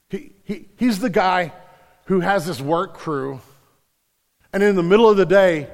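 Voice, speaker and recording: A man preaching a sermon as pastor, animated, with frequent restarts and repeated words. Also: on the high side. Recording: long hall reverb.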